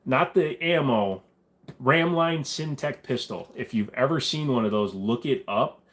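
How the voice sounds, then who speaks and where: A man's voice: medium pitch, lively intonation, a little slow. A man hosting a casual livestream, chatting loosely with viewers, joking and rambling with lots of fillers and restarts. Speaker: livestream host. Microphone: desk microphone.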